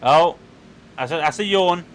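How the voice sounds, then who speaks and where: A man commentating on a sim racing stream, chatty and excitable with quick asides. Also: fairly high pitch, slight background noise. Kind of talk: live race commentary chat.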